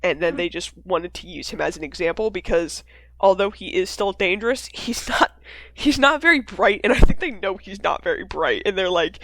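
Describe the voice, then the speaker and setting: A woman hosting a casual discussion, talking in an animated way, swearing freely and acting out characters' lines. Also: on the low side, normal speed, no room sound. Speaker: podcast host leading a discussion. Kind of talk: casual chat.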